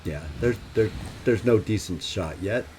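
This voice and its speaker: Here the man's pitch sits fairly low, with a darkish tone and a slightly slow delivery, over a faint hiss or hum. Hosting a gaming channel's let's play, he reasons through tactics out loud and questions himself with dry humor.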